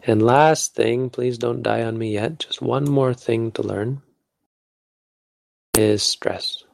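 A man's voice: lowish voice, creaky, no echo. A man teaching a language lesson in a casual, joking way, stopping to correct himself as he goes. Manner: informal, self-correcting, joking.

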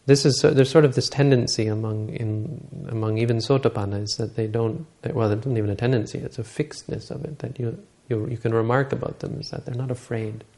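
A man giving a dharma talk, retelling a Buddhist story in a halting way with many restarts and self-corrections. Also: medium pitch, fairly even intonation, creaky, warm tone.

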